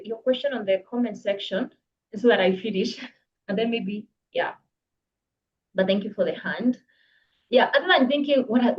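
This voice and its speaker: Woman coach on a video call, quick and encouraging, kinda muffled lo-fi sound. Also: on the high side. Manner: brisk, encouraging, reads chat comments aloud, laughs often. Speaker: public speaking coach. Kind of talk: live online workshop talk.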